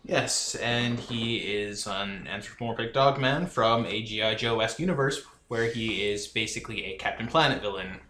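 A man's voice: lowish voice, moderate pace, few pauses. A man describing his character in a game, speaking loosely with lots of "you know". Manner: relaxed, with filler "you know". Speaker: player. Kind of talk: casual podcast chat. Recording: echoey room with faint noise.

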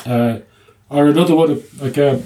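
Mellow-voiced doctor telling stories. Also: male voice, fairly high pitch, normal speed, slight background noise. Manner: hesitant restarts, anecdotes with quoted dialogue and humour. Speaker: doctor running a clinic. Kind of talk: conversational interview answer.

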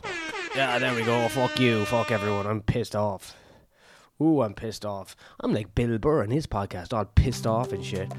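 A man with a fairly low voice rambles through a casual, foul-mouthed rant, peppered with fillers and restarts. He sounds sweaty and worn out, and faint music plays behind him. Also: normal speed. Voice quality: profane, ranting and rambling, many fillers. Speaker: vlogger.

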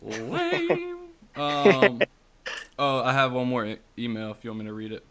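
Man, podcast co-host, casual chat, reads emails aloud, laughs a lot, mid pitch. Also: fairly even intonation, very fast, a loud crowd.

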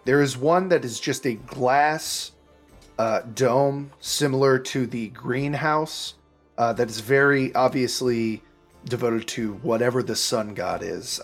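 Male dm narrating a tabletop session, slow and unhurried, kinda hesitant. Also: mid-range voice. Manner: relaxed, hesitant, many restarts. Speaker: game master.

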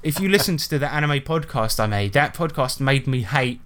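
A man hosts a podcast in loose, casual chat. He tells long rambling stories, restarts his sentences often and swears freely. His voice sits at an ordinary male pitch. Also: lively intonation, normal speed, fairly bright tone, a little hiss or hum. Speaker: podcast host.

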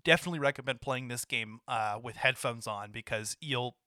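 A man's voice: mid-range voice, fairly quick, bright, forceful tone, no room sound, studio quality. A man in casual conversation about a video game, talking in loose rambling runs with frequent restarts and laughter. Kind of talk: casual gaming chat.

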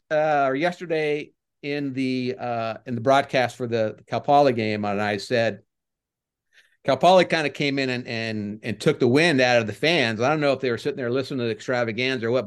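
An older man, a former baseball coach, chatting as a podcast guest and telling rambling stories that get animated when he retells crowd chants. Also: medium pitch, brisk, smooth. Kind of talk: casual podcast interview, storytelling.

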